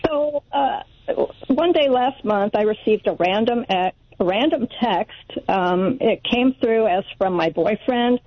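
A woman's voice: on the high side, a little slow. A woman calling in to a radio show, polite and hesitant, with frequent fillers as she explains her question. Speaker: radio caller. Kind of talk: phone-in question. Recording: dull phone-in audio.

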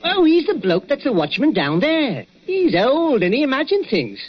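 An actor playing a chatty, cheeky Cockney museum attendant in a vintage radio drama. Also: male voice, very high voice, wildly swooping pitch, normal speed, exaggerated voice. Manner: chatty, cheeky, chuckling, calls people "Governor". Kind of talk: 1940s radio acting. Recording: dull lo-fi old radio recording.

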